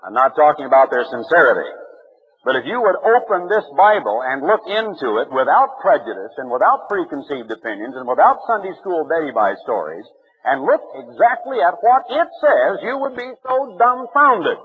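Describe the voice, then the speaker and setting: A man's voice: a little high, big pitch swings, moderate pace, slightly rough. A man preaching an impassioned radio sermon, his voice swinging widely and rising in emphasis. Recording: muffled old radio broadcast.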